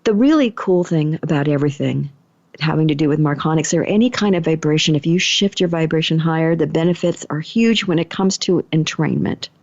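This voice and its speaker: Her voice sits low and has a darkish tone, and she talks briskly with no echo around her. She's a middle-aged podcast host and energy healer recounting something personal in a conversational style, voicing the dialogue and thoughts she quotes, captured on a dry, somewhat dull mic.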